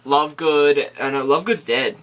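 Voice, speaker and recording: A man co-hosting a podcast, recapping a TV episode in casual chat, hesitant with many ums and fond of acting out lines in high voices. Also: normal speed, a bit bright. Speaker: podcast co-host.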